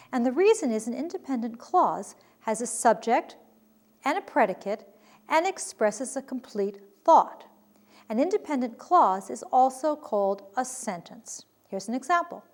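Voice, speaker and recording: A woman teaching a recorded grammar lesson, explaining clearly and deliberately and reading her examples with emphasis. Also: fairly high pitch, a little mellow.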